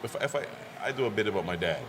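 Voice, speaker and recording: Fast-talking low-voiced male comedian. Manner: animated storyteller, repeats words as he goes. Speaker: comedian guest. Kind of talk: casual podcast chat. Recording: noisy ambient background.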